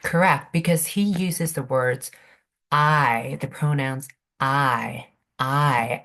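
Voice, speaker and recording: A woman's voice: extremely low pitch, lively intonation, slow pace, fairly bright tone. A woman teaching a literature class online, speaking patiently and checking in with her students over a video call. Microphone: computer mic on video call.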